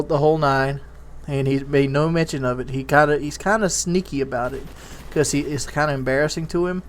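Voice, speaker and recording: A man doing a casual, rambling commentary, telling a candid parenting story with many restarts. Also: medium pitch. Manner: rambling, repeats words and restarts. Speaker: YouTube commentator.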